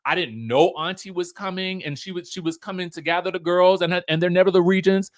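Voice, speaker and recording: A man's voice: high-pitched, brisk. A man giving a casual commentary recap of a reality show, chatty and emphatic, acting out what the cast said. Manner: animated storytelling, acts out quotes in raised voices.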